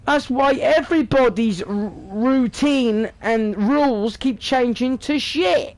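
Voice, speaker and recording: High-voiced British man ranting. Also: takes it slowly, dry recording. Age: 30s. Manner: sweary, sarcastic, animated ranting. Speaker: vlogger. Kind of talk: casual ranting monologue.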